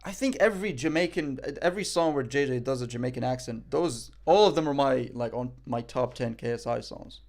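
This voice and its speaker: A man's voice: mid-range voice, fairly quick, creaky, few pauses, a little mellow. A man streaming live, reacting in casual chat; cocky, joking, profane and rambling.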